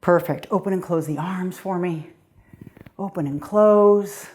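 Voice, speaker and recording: A woman's voice: lowish voice, unhurried, darkish tone. A middle-aged woman fitness coach leading a guided workout, upbeat and encouraging, a little out of breath as she exercises along.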